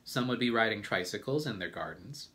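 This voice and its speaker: A man reading a children's storybook aloud as a teacher, gentle and deliberate. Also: lowish voice, expressive.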